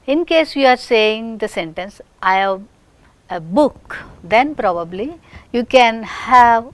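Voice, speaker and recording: A woman with an Indian English accent giving a recorded phonetics lecture, speaking slowly and deliberately and repeating example sentences with stress. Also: on the high side, lively intonation, dry recording.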